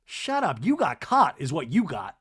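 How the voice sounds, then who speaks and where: A man's voice: fairly high pitch, huge pitch swings, moderate pace, fairly bright tone, husky, heavily acted. A man voicing a sassy, dismissive woman who shuts down an opponent in a comedic recap.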